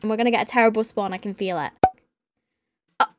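A British woman streaming a video game, chatting excitedly, laughing and squealing often. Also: medium pitch, fast, heavy background noise. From Britain. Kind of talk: gaming commentary.

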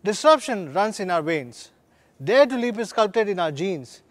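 A man's voice: high-pitched, big pitch swings, unhurried. A man, a company executive delivering an earnest, upbeat scripted keynote at a product launch.

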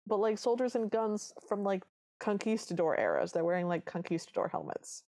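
A woman's voice: mid-range voice, brisk, a little mellow. A woman co-hosting a podcast, chatting enthusiastically about a film with plenty of "like"s. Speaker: podcast co-host. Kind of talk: casual chat recapping a film.

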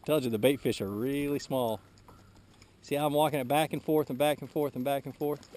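A man's voice: medium pitch, normal speed. A man teaching a fishing method on a boat outdoors, talking casually through a camera mic while he fishes, with frequent laughs. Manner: relaxed, chatty, laughs often, talks while fishing. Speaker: fishing instructor. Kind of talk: casual how-to demonstration. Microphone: camera mic, he moves around it. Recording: outdoor camera audio with noise.

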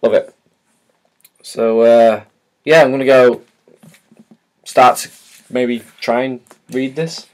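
A man rambles through a casual book unboxing, stumbling over his words and filling pauses with ums and uhs. His pitch sits at an ordinary middle level for a man. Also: steady tone, a little mellow. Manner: rambling, hesitant, many fillers and restarts. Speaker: vlogger.

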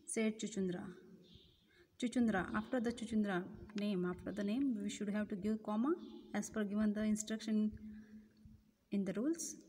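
Teacher in an echoey room. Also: female voice, mid-range voice, normal speed, darkish tone. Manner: explains step by step, many restarts and self-corrections. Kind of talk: grammar lesson explanation.

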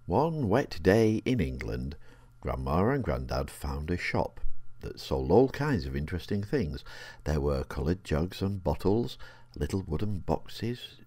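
An older man reading his own children's story aloud in a gentle, expressive way. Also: sits low, no echo.

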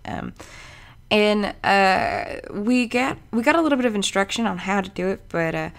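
A young woman from Maryland talks casually about her love of doing voices, hopping playfully between thoughts. Her middle-pitched voice carries a gravelly fry at the ends of phrases. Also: moderate pace. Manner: chatty, playful, often slips into put-on voices. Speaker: voice actor. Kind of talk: casual vlog introduction.

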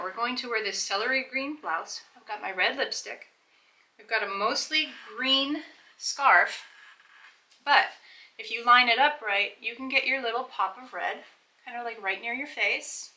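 A woman's voice: a little high, moderate pace, sharp tone, low-quality recording. A middle-aged woman hosting a casual try-on vlog, chatting enthusiastically as she explains and shows things to the viewer. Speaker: fashion vlogger.

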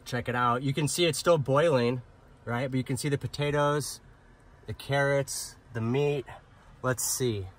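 A man's voice: medium pitch, fairly bright tone. Chatty young man cooking in a van. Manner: chatty, enthusiastic, talks to viewers directly. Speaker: van life vlogger. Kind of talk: casual cooking vlog. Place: camper van at a campsite.

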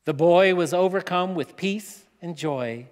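A man preaching, telling a story in a slow, dramatic way with pauses. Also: sits high. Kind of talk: sermon storytelling. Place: church hall. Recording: long hall reverb.

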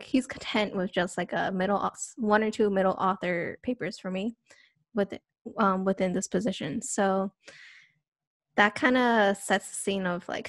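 A woman's voice: medium pitch, no echo, clean studio sound. Hesitant young woman podcast host. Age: young adult. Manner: hesitant, lots of fillers and self-corrections. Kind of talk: casual podcast chat.

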